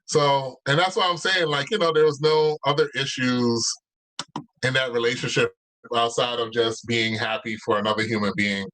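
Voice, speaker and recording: A man's voice: mid-range voice, fairly even intonation, moderate pace, bright, forceful tone, poor audio. A man cooking in his home kitchen and chatting casually on a video call through his laptop, rambling along with plenty of fillers. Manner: rambling, laid-back, many fillers. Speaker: guest cook. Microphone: laptop mic on video call.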